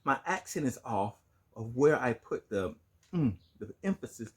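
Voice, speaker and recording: A middle-aged man hosts a casual family lesson, laughing at his own slips as he tries Italian phrases. His voice is husky and swings widely in pitch. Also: very animated, moderate pace. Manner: playful, laughing, stumbling over Italian words. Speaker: vlog host, learner quizzed in Italian.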